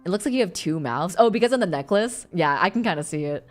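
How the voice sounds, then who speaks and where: Lively young woman chatting on stream. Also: lowish voice, fast talker, soft background music. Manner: animated, laughs often, reads chat aloud. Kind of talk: casual live-stream chat.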